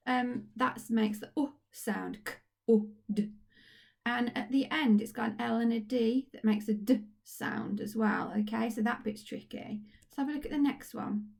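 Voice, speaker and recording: A woman's voice: fairly high pitch, normal speed, vocal fry, darkish tone. A woman teacher giving a recorded phonics lesson to young children, upbeat and encouraging. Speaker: primary school teacher. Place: at home.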